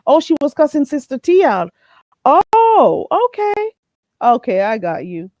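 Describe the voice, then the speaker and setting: A woman hosting a casual livestream, spinning gossipy stories with lots of energy. Her voice is warm and mellow, and it sounds dry and close with no room around it. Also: high voice, no echo, low-quality recording. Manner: animated gossipy storytelling, quick laughs. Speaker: livestream host. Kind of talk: casual livestream chat, reading viewer comments.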